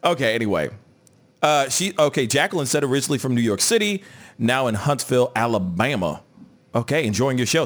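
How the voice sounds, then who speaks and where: A man's voice: mid-range voice, expressive, fairly quick. A young man from St. Louis hosting a casual live-stream show, joking and reading viewer comments aloud. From St. Louis, Midwest US. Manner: jokey, laughing, reads viewer comments aloud. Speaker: show host.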